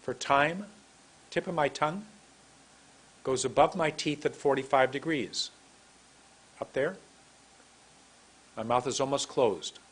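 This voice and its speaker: A man from San Francisco teaching English pronunciation, repeating words slowly and deliberately. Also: mid-range voice, slightly rough. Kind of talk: slow demonstrative lesson.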